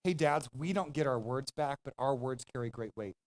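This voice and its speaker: A man's voice: medium pitch, moderate pace. A man pastor preaching a sermon, speaking emphatically and conversationally, addressing the congregation directly.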